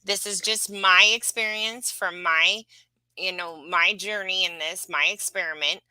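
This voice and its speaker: A woman's voice: fairly low pitch, steady tone, unhurried, pushed and bright, smooth, no room sound, low-quality recording. A woman reading human design charts, talking casually and emphatically, rambling with fillers. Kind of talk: casual spiritual teaching chat.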